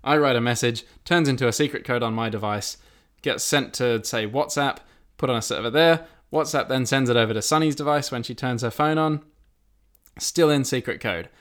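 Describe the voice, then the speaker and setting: A man co-hosting a casual chat podcast, explaining technology in quick bursts with a lively manner. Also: medium pitch. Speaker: podcast co-host.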